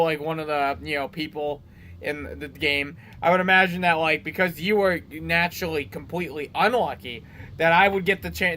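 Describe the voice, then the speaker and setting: A young man commentating gameplay in a loose, teasing way, often breaking into laughs. His voice sits a bit high for a man, with a faint hum in the background. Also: sharp tone. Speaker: let's play host.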